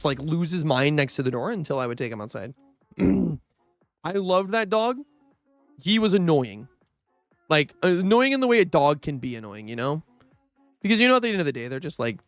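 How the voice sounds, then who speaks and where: Young guy streaming a game, kinda high voice, rambles and swears a lot, dry close sound. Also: no room sound. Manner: rambling, swears casually, many fillers. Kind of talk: casual gaming livestream chat.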